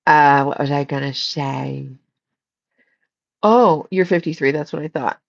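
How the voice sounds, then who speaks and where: Lady chatting on her stream, slow and easy, bit muffled sound. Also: sits low, creaky. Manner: chatty, giggly, reads viewer comments aloud. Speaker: psychic livestream host. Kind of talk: casual livestream chat.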